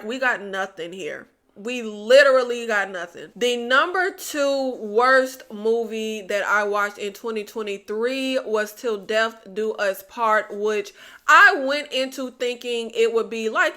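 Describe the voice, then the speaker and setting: A woman's voice: fairly high pitch, pushed and bright. A woman reviewing films in casual chat, blunt and exasperated, talking straight to her viewers. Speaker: movie reviewer.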